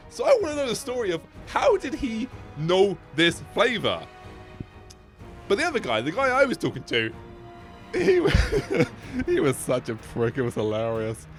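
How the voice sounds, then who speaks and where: A man hosting an anime explainer video, ad-libbing off his script, going on tangents and laughing as he talks. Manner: tangent-prone, laughs often, animated swings in pitch. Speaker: anime video essay host. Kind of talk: rambling, ad-libbed commentary.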